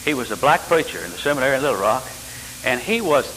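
An older man preaching a sermon as pastor, full of rhetorical questions and sudden jumps in pitch. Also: very animated, fast, pushed and bright. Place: church sanctuary. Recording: church hall reverb with faint hiss.

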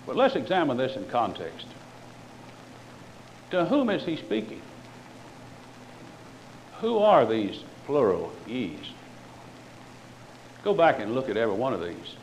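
A man preaching a fervent sermon in a church, swinging from loud declarations to quiet sarcastic asides. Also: on the high side, big pitch swings, measured pace, pauses often, slight background noise, rough recording. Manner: sarcastic toward other preachers.

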